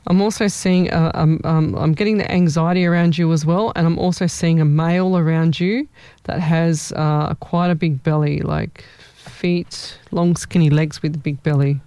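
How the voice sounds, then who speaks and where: A rambling woman giving live-stream medium readings in a warm, mellow voice. Her tone is smooth and clear, recorded dry and close with no room sound. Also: sits low, steady tone, normal speed, dry recording. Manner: chatty and rambling, repeats words. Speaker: psychic medium host.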